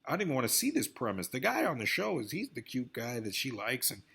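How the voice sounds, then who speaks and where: A man's voice: medium pitch, wildly swooping pitch, fast talker, vocal fry, a bit bright, breathy edge. A man in a rambling, profane vlog rant about celebrity news, swinging between grumbling and outbursts. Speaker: vlogger.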